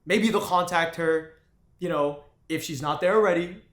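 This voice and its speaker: Male vlogger, halting emotional storyteller, slightly high voice, roomy echo. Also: fairly bright tone. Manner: halting, with frequent restarts and fillers. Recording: echoey room.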